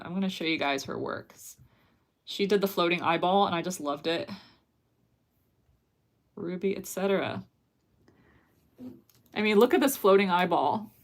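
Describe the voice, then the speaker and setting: Bubbly woman chatting on a livestream. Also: on the low side. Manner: bubbly, giggly, reads chat messages aloud and answers them. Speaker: animator streaming live and answering chat. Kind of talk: casual livestream chat.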